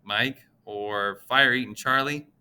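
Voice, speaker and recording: Speaking slowly at medium pitch, a man performs the audiobook role of a chatty little old pharmacist with a nasal voice and a gossipy, friendly manner. His tone is sharp, clear and resonant.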